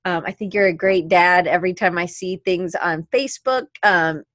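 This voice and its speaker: An effusive woman from the United States hosting a casual interview, talking warmly and at length. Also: fairly low pitch, normal speed, no echo. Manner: bubbly, effusive, talkative. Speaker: podcast host.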